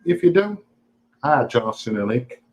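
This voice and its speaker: A man hosts a live stream and talks straight to his chat in a swaggering, mock-angry rant. His pitch swings up and down a lot, and he curses and teases constantly. He sounds boastful. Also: big pitch swings, measured pace, muffled recording. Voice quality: profane, taunting and boastful, mock-angry ranting. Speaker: livestream host.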